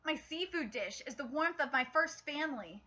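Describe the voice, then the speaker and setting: A woman reading aloud as a bitter male chef villain, halting with fillers. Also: high-pitched, expressive, sharp tone, muffled recording. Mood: brooding.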